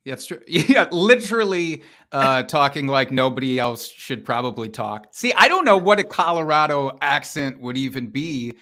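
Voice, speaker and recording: Bright-voiced joking male podcast guest. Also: medium pitch, expressive, normal speed, few pauses. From Iowa. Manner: joking, self-deprecating. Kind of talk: casual podcast interview.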